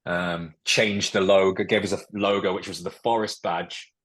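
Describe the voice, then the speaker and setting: A man's voice: low-pitched, steady tone, normal speed, fairly bright tone. A man from England, a former footballer guesting on a podcast, telling rambling anecdotes in casual chat.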